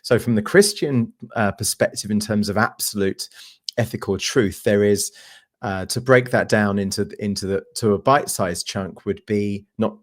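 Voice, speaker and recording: A man hosting an interview, asking thoughtful, halting questions. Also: lowish voice. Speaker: interview host.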